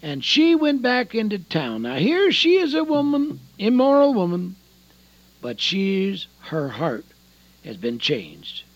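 A man preaching a radio sermon, swinging dramatically between loud calls and hushed words. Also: sits high, huge pitch swings, slow, no room sound, dull audio.

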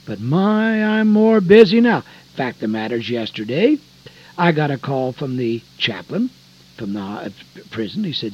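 An older man delivers a folksy radio sermon in a husky, slightly raised voice that leaps up and drops low with emphasis. He moves between loud, pressing phrases and quiet, hushed ones. The recording is dull and lo-fi, like old radio. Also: sing-song, moderate pace. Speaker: radio preacher.

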